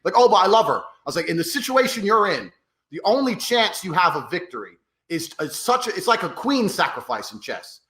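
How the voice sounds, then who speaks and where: A man's voice: high voice, very animated, fairly quick, pushed and bright, echoey room. A man, talking in a brash, profane, emphatic way in a casual podcast conversation. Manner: brash, profane and emphatic, acts out others' voices. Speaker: podcast guest.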